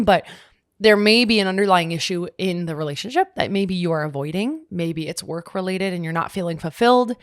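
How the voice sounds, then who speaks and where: A woman's voice: on the low side, dry recording, clean studio sound. A woman hosting a podcast, talking in a candid, chatty way, swearing now and then and laughing at herself. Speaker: podcast host. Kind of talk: casual chat.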